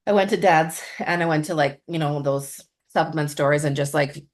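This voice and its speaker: Low-voiced woman chatting casually. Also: moderate pace. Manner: chatty, swears freely, laughs often, snacking while talking. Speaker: podcast co-host. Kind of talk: casual chat.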